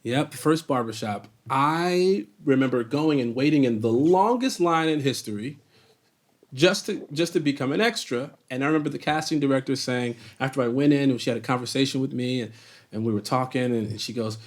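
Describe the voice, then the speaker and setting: A man's voice: medium pitch, a little fast. A man from Chicago, a guest actor, telling stories in a casual interview, laughing often and restarting his sentences. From Chicago, USA. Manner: laughs often, animated storyteller with many restarts.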